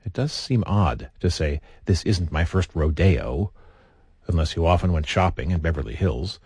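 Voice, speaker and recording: A man hosts a radio show with a wry, playful manner. His voice is deep and husky, with a lively rise and fall, and the sound is dry. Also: normal speed, dry recording. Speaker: radio host. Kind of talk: radio presenting.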